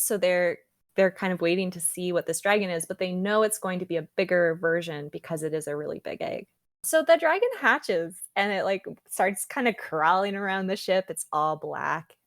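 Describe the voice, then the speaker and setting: A woman co-hosting a casual book podcast, retelling a story with animated asides and reading a passage aloud. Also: lowish voice, no room sound, studio quality. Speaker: podcast co-host.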